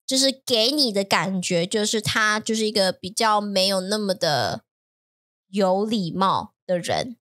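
A Taiwanese woman co-hosting a podcast, with a bright, forward tone. She chats in a lively way, moving between Mandarin and English. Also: medium pitch, a little slow. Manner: animated, mixes Mandarin and English. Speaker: podcast co-host. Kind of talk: casual bilingual chat.

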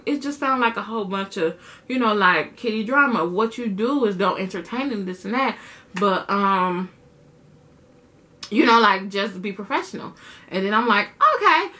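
A young woman with a bright, sharp, somewhat high voice tells a story straight to her viewers. She talks in quick, slangy bursts and acts out every line of the quarrel herself. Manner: animated, slangy, acts out the dialogue. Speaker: vlogger telling a story. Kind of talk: casual storytime chat.

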